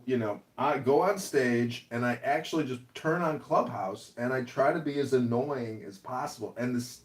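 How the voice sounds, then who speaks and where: A man in a casual chat who talks in a provocative, mock-formal way. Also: medium pitch. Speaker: social audio guest. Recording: echoey, from a distance.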